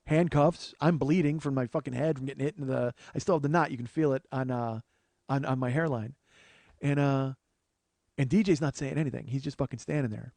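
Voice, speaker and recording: A man's voice: medium pitch, darkish tone, no room sound. A male comedian hosting a podcast, telling a profane story into a studio microphone. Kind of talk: storytelling monologue.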